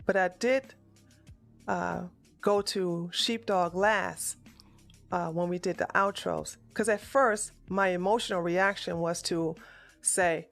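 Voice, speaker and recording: This is livestream commentary from a man with a high, gravelly voice and a sharp tone. Hosting a political show, he works through an argument emotionally, stumbling over words and revising as he goes.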